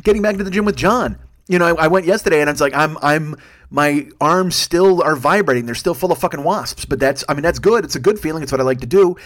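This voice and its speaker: A man's voice: a little high, fast talker, a bit bright. A man in his fifties hosting a podcast with a profane, self-deprecating, rambling comedic monologue. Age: 50s. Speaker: podcast host.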